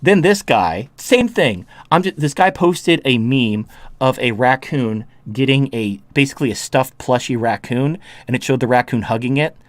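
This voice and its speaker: A man's voice: mid-range voice, animated, moderate pace, dry recording. A man hosting a podcast, ranting in a heated, sarcastic and profane way in casual chat. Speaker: podcast host.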